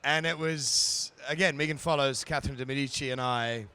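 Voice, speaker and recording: A man from New Zealand with a New Zealand accent, an actor chatting playfully in a live interview, joking and often pausing with fillers. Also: mid-range voice, bright, forceful tone, clean tone. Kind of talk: casual chat at a live event.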